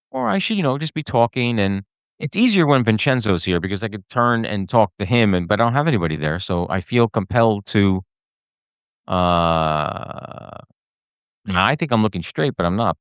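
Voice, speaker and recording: A podcast host with a lowish, clean-toned voice rants casually to camera, animated and rambling with lots of fillers and restarts. The recording has no echo but sounds dull.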